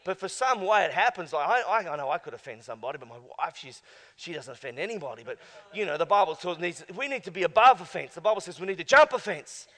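High-voiced emphatic male preacher. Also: expressive, quick pace. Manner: emphatic preaching, swinging from hushed to loud exclamations. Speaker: pastor. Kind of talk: sermon. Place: church. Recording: long church hall reverb.

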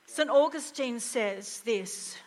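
A middle-aged woman preaching a conversational sermon, animated and humorous, sometimes dropping to a hushed voice for emphasis. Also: fairly high pitch, takes it slowly, in a large hall.

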